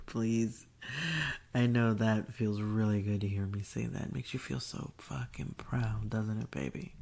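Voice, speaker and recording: Slow, gravelly woman in whispered role-play. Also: a bass voice, warm tone. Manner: teasing, taunting, breathy. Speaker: erotic audio performer.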